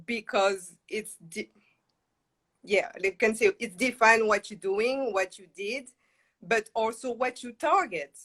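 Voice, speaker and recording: A woman's voice: a little high, slow, fairly bright tone. A woman guest giving job-search advice in an interview, hesitant, searching for words with fillers. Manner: hesitant, many fillers and restarts while thinking. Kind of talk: casual interview chat.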